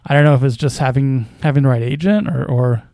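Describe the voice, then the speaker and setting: Talking fast in a mid-range voice that's gravelly yet mellow, a man hosts a podcast and riffs casually on basketball news. There's no room sound, and his wry, hesitant style is dotted with fillers and little chuckles.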